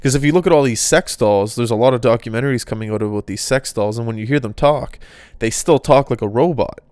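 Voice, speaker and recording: Rambling, smooth-voiced male podcast host. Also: mid-range voice, quick pace, darkish tone, dry recording, clean studio sound. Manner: rambling, off-the-cuff musing. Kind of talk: casual solo podcast monologue.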